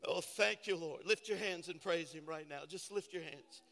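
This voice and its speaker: A pastor preaching a sermon, building to impassioned, shouted declarations in a church sanctuary. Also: male voice, on the high side, normal speed, gravelly. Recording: reverberant church hall with piano.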